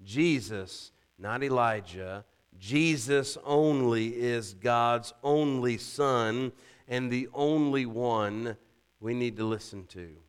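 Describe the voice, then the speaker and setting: A man preaching a sermon, chatty and full of rhetorical questions, rising high and loud whenever he quotes scripture. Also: slow pace, clear, resonant tone. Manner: conversational asides, rhetorical questions.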